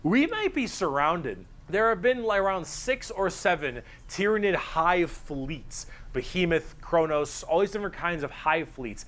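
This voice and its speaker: A man's voice: sits high, very animated, unhurried, hardly any pauses, a bit bright. A man narrating a video in an earnest, explanatory way. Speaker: lore narrator.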